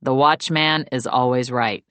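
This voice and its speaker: A woman's voice: a bass voice, fairly even intonation, measured pace, fairly bright tone, clean tone, dry recording. A woman reading an audiobook, voicing a blunt young man who answers curtly and dismissively. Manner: curt, dismissive.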